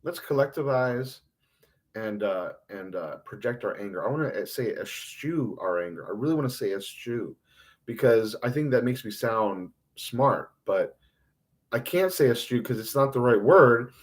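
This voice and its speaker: A man streaming a rambling solo monologue, self-mocking and swinging between mumbled asides and loud outbursts. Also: mid-range voice, animated, normal speed.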